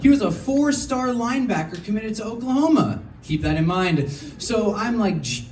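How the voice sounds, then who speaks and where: Young stand-up comic, animated, roomy distant sound. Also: male voice, high-pitched, moderate pace, crowd noise. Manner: animated, laughing at his own story. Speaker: stand-up comedian. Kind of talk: stand-up storytelling. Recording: roomy echo, mic at a distance.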